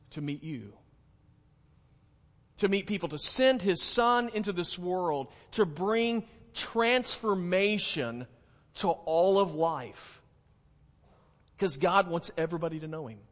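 A male pastor, preaching a folksy sermon that jokes with the congregation and slows down for emphasis. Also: high voice, fairly bright tone. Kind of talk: sermon with a told joke. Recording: long hall reverb.

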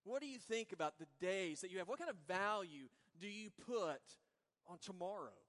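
A man preaching a sermon with a slightly raised voice, swinging from quiet, lingering words to firm emphasis. His voice carries a long reverb, like a big church sanctuary. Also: high voice, lively intonation, moderate pace. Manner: earnest preaching, swings between soft and emphatic. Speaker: pastor. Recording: long reverb of a large hall.

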